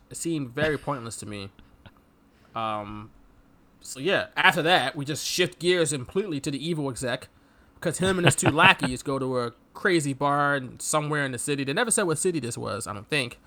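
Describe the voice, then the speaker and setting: A man's voice: medium pitch, animated, brisk, bright, forceful tone. A man co-hosting a podcast, riffing sarcastically on a movie and laughing often. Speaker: podcast co-host. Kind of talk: casual movie review chat.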